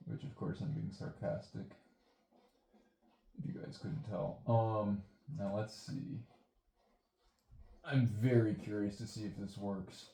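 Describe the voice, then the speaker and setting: A man's voice: on the low side, steady tone, takes it slowly, gravelly, pauses often, dark tone. Rambling young man muttering in an echoey garage. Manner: rambling, self-deprecating, mutters to himself. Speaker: vlogger. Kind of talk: casual self-talk while repairing. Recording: echoey room with faint noise.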